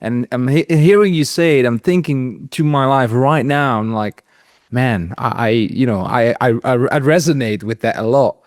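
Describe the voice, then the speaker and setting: A man's voice: mid-range voice, normal speed, no echo, clean studio sound. A man hosting an interview as an anxiety coach, talking casually and often stammering and repeating words.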